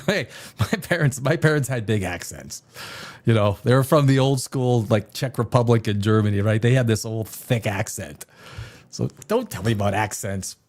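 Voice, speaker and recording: A man's voice: mid-range voice, moderate pace, a little mellow. A middle-aged man hosting a casual livestream, rambling and joking, often laughing at himself. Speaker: livestream host.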